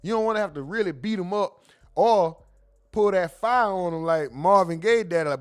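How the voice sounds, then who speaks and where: A man hosting a casual commentary livestream, reading the chat aloud and bantering in loud, laughing, slangy outbursts. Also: sits high, normal speed, clear, resonant tone.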